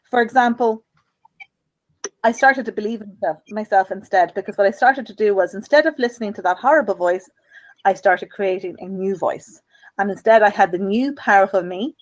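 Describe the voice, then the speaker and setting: A woman's voice: mid-range voice, no echo, dull audio. Earnest woman giving self-help advice. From Ireland. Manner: earnest, encouraging, repeats phrases. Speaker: radio host.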